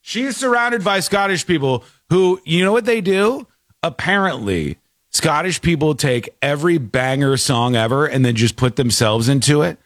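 Guy co-hosting a chat show, kinda high voice, bouncy and animated, dry close mic. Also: moderate pace, no room sound. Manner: animated, laughing, acts out quotes. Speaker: co-host. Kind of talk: casual banter commenting on news clips.

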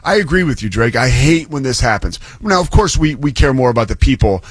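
Medium-pitched with lively intonation, this fairly quick, slightly rough male voice carries no room sound. As a guest on a sports radio show, the play-by-play man chats about college football with enthusiasm and plenty of fillers.

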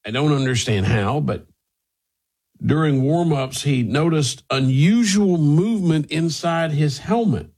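Slow, husky male commentator. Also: on the high side, animated, darkish tone. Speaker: commentator reading a news story.

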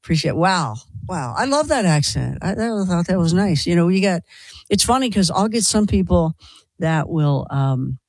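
Gravelly chatty Kentucky radio host. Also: male voice, high-pitched, very animated, normal speed, dry recording. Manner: chatty, enthusiastic, repeats himself. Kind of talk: casual call-in radio chat.

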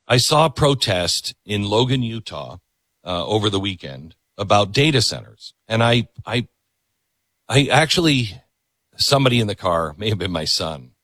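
A middle-aged man holds forth as a talk show host, his voice rising and falling with lively swings. He hammers his points home and repeats words for emphasis. The sound is dry and close, with no room around it. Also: lowish voice, moderate pace, no room sound. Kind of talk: political talk radio monologue.

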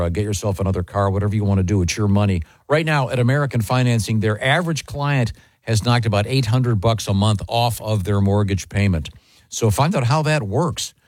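Low-voiced male radio host. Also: no room sound, clean studio sound. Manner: relaxed, halting with fillers. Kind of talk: morning radio chat and live ad read.

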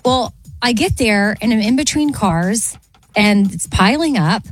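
A woman's voice: unhurried, slightly rough. A woman co-hosting a radio show, telling a story in casual chat and acting out other people's lines. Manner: animated storytelling, acts out voices with pitch jumps.

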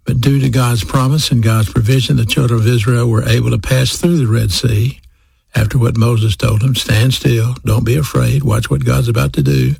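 A man preaching a sermon, slowing down and repeating key phrases for emphasis. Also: medium pitch, fairly even intonation, creaky, darkish tone, slightly rough, no echo.

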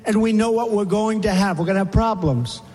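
A man's voice: high-pitched, brisk, darkish tone. A man giving a speech and reciting a poem in an emphatic, repetitive, dramatic way. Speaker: speaker at a rally. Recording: long hall reverb.

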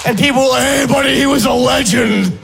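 High, gravelly, sarcastic comic. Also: male voice, fairly quick, a bit bright, faint music behind, some chatter behind. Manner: sarcastic, blunt. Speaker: stand-up comedian. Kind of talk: stand-up routine.

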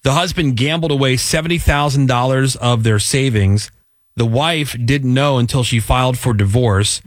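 A man's voice: mid-range voice, normal speed, no room sound, clean studio sound. A man hosting a radio show, reading stories aloud and chatting with his co-hosts in a casual, easygoing way.

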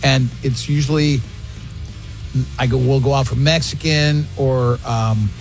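A man hosting a radio show, chatting casually in laughing, animated banter. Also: mid-range voice, a little slow, creaky, faint music behind.

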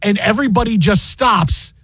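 A high-pitched man tells a long sports story on the radio, looping back and restarting as he goes. His voice sounds close and dry, with no room echo. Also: moderate pace, a bit bright, slightly rough. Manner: rambling storyteller with many restarts. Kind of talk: casual sports radio chat. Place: radio studio. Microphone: studio mic.

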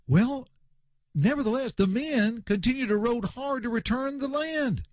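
A man's voice: very high voice, measured pace, no echo, clean studio sound. A man preaching a sermon, explaining a scripture passage verse by verse. He talks in an emphatic way, returns to the same refrains and calls his listeners friends. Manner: animated, emphatic, repeats refrains.

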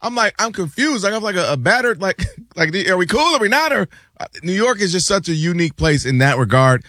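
A man co-hosting a casual sports talk show, animated and acting out quotes in funny voices. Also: sits high, fairly quick, no room sound, studio quality. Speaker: sports radio co-host.

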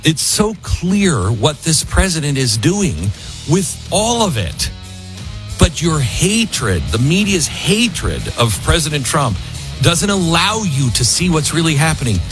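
A man's voice: on the high side, big pitch swings, slow, over music. A man hosting talk radio, giving emphatic, argumentative political commentary from a studio. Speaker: radio talk show host.

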